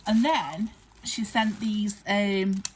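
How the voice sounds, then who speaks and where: A young woman chatting excitedly as she unboxes craft supplies at home. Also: medium pitch, extremely slow, a little hiss or hum, low-quality recording. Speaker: crafting vlogger. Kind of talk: casual unboxing chat.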